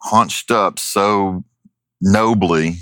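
A man's voice: deep voice, drawn-out words, smooth, no echo. A man telling a story in casual chat, acting out the voices of the people in it. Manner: animated, acts out voices in his anecdotes.

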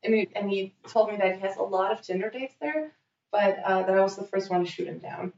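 Young woman, casual storyteller, lively and profane, muffled roomy sound. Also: mid-range voice, a little fast, vocal fry, slight background noise. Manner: animated, swears freely, acts out quotes. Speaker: guest telling a story. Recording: dull roomy recording.

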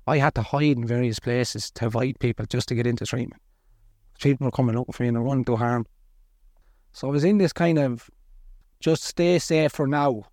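Middle-aged Irish man, blunt candid storyteller, mid-pitched, dry close mic. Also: a little mellow, no echo. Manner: earnest, blunt, colloquial. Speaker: podcast guest.

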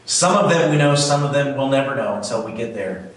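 A pastor delivering a sermon in a relaxed, earnest storytelling manner, with the odd "um" and "uh." His voice rings through a very reverberant church hall. He stands at a distance from the mic, with faint room noise underneath. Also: medium pitch, brisk. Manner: conversational, earnest, fillers. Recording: very echoey room, mic far off.

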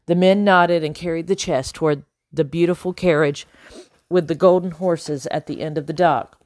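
Woman narrating an audiobook in a low, dry voice. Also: fairly even intonation, normal speed, a little mellow, no echo. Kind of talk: first-person audiobook narration.

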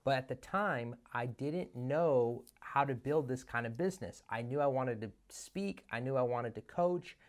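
A man in his thirties, a business coach, telling a story in a casual, animated monologue, often restarting his sentences and acting out the dialogue. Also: medium pitch, a little slow, hardly any pauses. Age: 30s.

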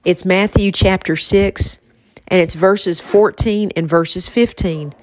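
A woman hosts a faith-based podcast in casual conversation. She talks in a soft-spoken, reflective way, and her voice sits a little low for a woman. The recording is dry and close to the mic. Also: fairly even intonation, slow, no echo. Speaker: podcast host.

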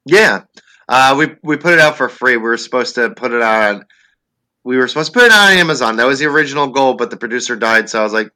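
A man telling a comic story as a podcast guest, acting out his own panic in a lively, animated way. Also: mid-range voice, fast, no echo. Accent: New Jersey. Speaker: stand-up comedian, guest.

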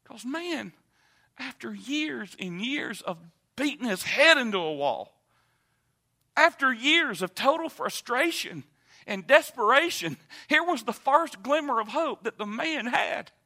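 A man preaching a sermon in a church, moving from quiet teaching to loud, impassioned appeals. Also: measured pace. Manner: builds from low calm to loud impassioned preaching. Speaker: pastor. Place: church sanctuary.

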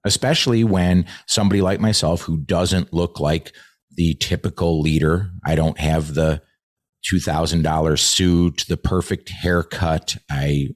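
A man's voice: low-pitched, steady tone, unhurried, dry recording, clean studio sound. A man who trains leaders, talking earnestly in a podcast conversation and swearing freely.

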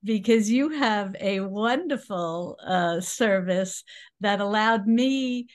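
A woman's voice: medium pitch, takes it slowly. A woman in her sixties from New York City with a New York accent, chatting as an interview guest with frequent laughs and fillers. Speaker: guest, cooking teacher. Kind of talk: casual interview chat.

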